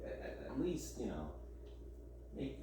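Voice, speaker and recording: A young man, a college student, chats casually at home while working out, rambling and grumbling through rants packed with fillers. His voice is medium-pitched and sing-song, a little slow and dark, with a slight hiss or hum. The recording sounds roomy, picked up by a distant mic with faint ambience.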